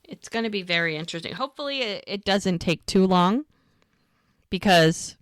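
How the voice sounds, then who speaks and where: A woman co-hosting a rewatch podcast, casually retelling scenes and quoting the characters in quick bursts. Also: medium pitch. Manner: chatty, quotes characters in quick lively bursts. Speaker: podcast co-host recapping episodes.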